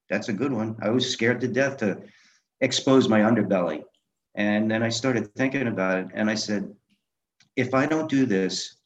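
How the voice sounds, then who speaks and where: Slight background noise sits under this modest, somewhat dull and lo-fi interview, where a middle-aged guest, a film director and memoir author, tells stories in a low, steady voice. His anecdotes are animated, and he jumps into the voices of the people he quotes.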